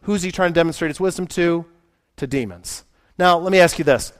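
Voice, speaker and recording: A man's voice: a little high, fairly quick. A man preaching a sermon in a conversational way, asking his listeners questions and acting out the voices he quotes.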